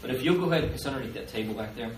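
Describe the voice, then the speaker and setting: A man teaching a live seminar, animated, acting out the voices of the people in his stories. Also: mid-range voice, racing, noisy background. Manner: animated, acts out quoted voices. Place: fellowship hall, live. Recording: roomy live recording from far off.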